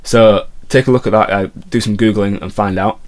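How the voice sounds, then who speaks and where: A man explaining how to set lyrics to a melody in a relaxed online music lesson, counting beats aloud. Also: lowish voice, a little fast. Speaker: guitar and songwriting teacher.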